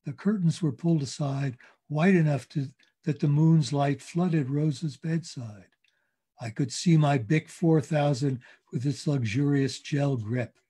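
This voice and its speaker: An older man reading a story aloud in a measured, gentle way, then turning to talk with a guest. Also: fairly high pitch, breathy edge.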